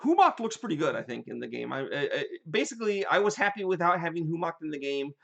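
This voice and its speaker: An older man with a fairly high voice chats casually on a live stream and drifts from topic to topic. He tells his gaming stories with lively energy and often breaks off to restart a sentence. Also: fast, creaky, lo-fi sound. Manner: animated storyteller, rambling with restarts. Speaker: game designer hosting a live chat.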